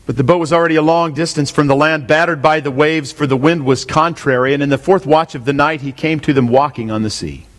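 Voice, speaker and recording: Guy preaching in a church, slightly high voice, keeps asking the crowd questions, long echo. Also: fairly even intonation, brisk, hardly any pauses, fairly bright tone. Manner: asks the congregation questions, repeats key lines. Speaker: pastor. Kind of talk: expository sermon. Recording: long hall reverb.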